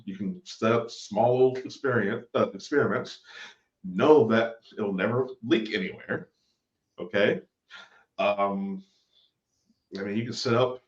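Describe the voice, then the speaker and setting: A man, a radio host appearing as a guest, chatting casually in a laid-back way. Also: lowish voice. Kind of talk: casual chat. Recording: roomy, dull remote line.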